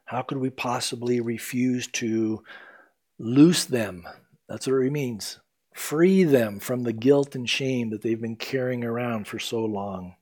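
A man preaching a sermon as pastor, earnest, swinging between loud emphasis and hushed, soft passages. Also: medium pitch, takes it slowly.

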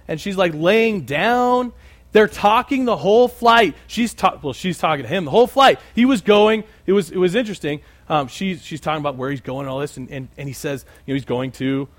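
A man preaching a sermon and telling a story, animated and conversational with many asides. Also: on the high side. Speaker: pastor.

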